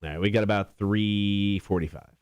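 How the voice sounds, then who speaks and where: A male co-host on a morning radio show, chiming in with quick reactions and calling out the time. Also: on the low side, fairly even intonation, darkish tone, clean tone, no room sound. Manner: quick reactions and time cues, laughs along. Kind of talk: casual morning show chat.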